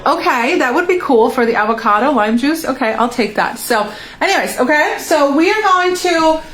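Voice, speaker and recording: A woman's voice: high voice, lively intonation, moderate pace, fairly bright tone. A woman hosting a casual live cooking demo from her home kitchen, chatting and asking viewers if they agree. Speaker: home cooking show host selling kitchen products. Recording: echoey room, far from the mic.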